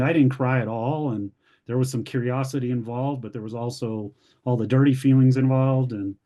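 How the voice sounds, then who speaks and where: A man's voice: medium pitch, mellow. A man, the founder of a family ministry, giving a candid personal testimony and acting out the voices of people in his story. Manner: candid storytelling, acts out quoted voices, occasional laughs.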